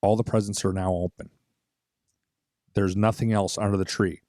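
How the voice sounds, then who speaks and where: A man's voice: sits low, moderate pace, no room sound, studio quality. A man in his forties co-hosting a podcast, telling a childhood holiday story in casual chat, swearing freely and acting out what people said. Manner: animated, swears a lot, acts out quoted voices. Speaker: podcast co-host.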